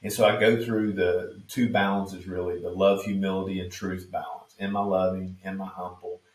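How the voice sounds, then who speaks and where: A man answering interview questions as a street preacher, telling his stories in a calm, measured way. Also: sits low, far from the mic. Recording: echoey room, off mic.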